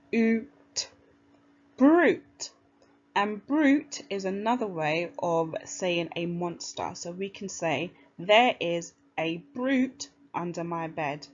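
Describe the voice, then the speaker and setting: A woman teacher giving a phonics lesson to young children, speaking clearly and encouragingly and sounding out each word. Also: lowish voice, dull audio.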